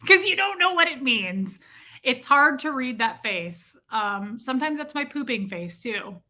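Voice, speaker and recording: Woman streamer, rambling chatty storyteller, bright slightly high voice. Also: lively intonation, unhurried. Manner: chatty, rambling, reads and answers chat. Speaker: livestream host. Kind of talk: casual livestream chat.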